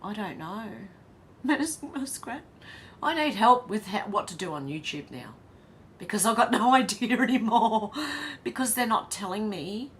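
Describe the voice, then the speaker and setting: A woman's voice: medium pitch, animated, normal speed, slight background noise. Chatty Australian woman live-streaming. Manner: chatty, laughs often, blunt and swears. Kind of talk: casual live-stream chat reading comments.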